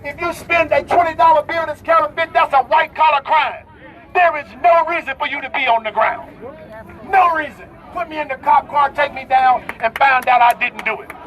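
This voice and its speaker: A man's voice: very high voice, normal speed, slight background noise, poor audio. A man, giving a rally speech at an outdoor protest in call-and-response style. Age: 50s. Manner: preaching call-and-response, shouting to a crowd. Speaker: protest speaker. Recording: loud crowd around the speaker. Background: crowd responding.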